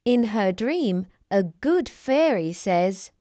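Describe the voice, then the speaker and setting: Female narrator for a graded reader; clear, deliberate, slightly high. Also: expressive, darkish tone, no room sound, lo-fi sound. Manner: clear, deliberate reading for learners.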